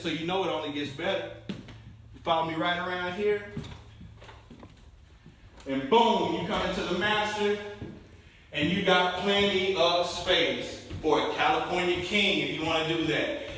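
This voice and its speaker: A man hosting a walkthrough home tour, pitching each room to viewers with salesman enthusiasm. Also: bright, forceful tone, recorded from a distance, slight background noise. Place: inside a show home, bare rooms. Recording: very echoey room, voice from off the mic.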